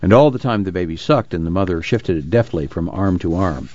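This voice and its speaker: Low-voiced male narrator, measured. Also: lively intonation, a little mellow, muffled recording, slight background noise. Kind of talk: audiobook narration.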